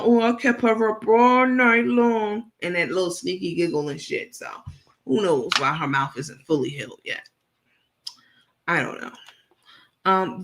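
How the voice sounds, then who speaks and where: Female stream host, gravelly edge, blunt and gossipy, reads chat aloud between loose unscripted commentary. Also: lowish voice. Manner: blunt, gossipy, frequent fillers and laughs. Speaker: livestream host. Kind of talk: casual commentary reading live chat.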